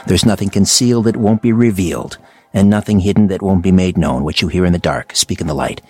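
A man hosting a radio talk show, measured and conversational. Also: sits low, dark tone, husky.

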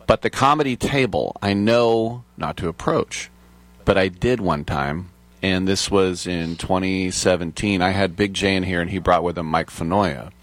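A man hosting a comedy talk show, telling lively anecdotes and acting out the people he quotes. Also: sits low, moderate pace, no echo. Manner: enthusiastic anecdotes, acts out quoted voices. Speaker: podcast host. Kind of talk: casual chat.

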